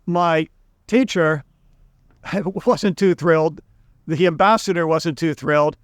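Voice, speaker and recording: A man's voice: a little high, slow, clean tone, no echo, studio quality. A middle-aged man from the United States, giving a casual economics lesson in a conversational, storytelling way. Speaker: economics teacher.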